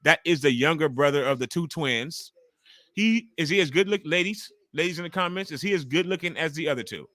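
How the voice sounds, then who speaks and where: Brief: bright, dry-sounding man in his forties, livestream host, excitable and cursing, talks over the action. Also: a little high, a little fast, dry recording. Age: 40s. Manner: loud, profane and excitable, reacting to the action. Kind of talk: live commentary while watching wrestling.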